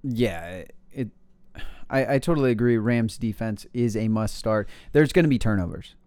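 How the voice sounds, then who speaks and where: A man's voice: lowish voice, moderate pace, darkish tone, clear, resonant tone, no echo. A man in casual fantasy football chat, blunt and opinionated, stammering on restarts. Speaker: podcast co-host.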